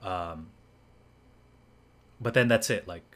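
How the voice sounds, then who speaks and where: A man with a lowish voice talks in an easygoing, meandering way, piling on fillers as he recaps a show for his podcast co-hosts. It is relaxed, unscripted chat. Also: slow pace. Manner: rambling recap, full of fillers and acted quotes. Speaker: podcast co-host. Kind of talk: casual chat.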